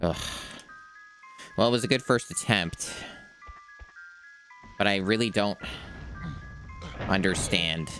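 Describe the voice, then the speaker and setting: A man's voice: deep voice, slow pace, pauses often. A man streaming a video game, thinking aloud and chatting to his viewers in a casual, rambling way. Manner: talks to chat, mutters and thinks aloud. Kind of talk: casual gameplay commentary. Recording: game music playing behind.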